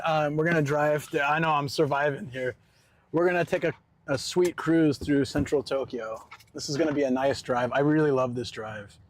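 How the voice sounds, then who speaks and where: A man chatting casually on a live stream, telling rambling stories and laughing often. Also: fairly high pitch. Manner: laid-back, rambling storyteller, laughs often. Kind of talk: casual live-stream chat while out and about.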